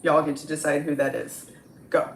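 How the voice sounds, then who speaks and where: A woman's voice: low voice, level tone, normal speed, reverberant, background noise. A woman reading a comedy script aloud, with casual, offhand asides. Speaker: script reader.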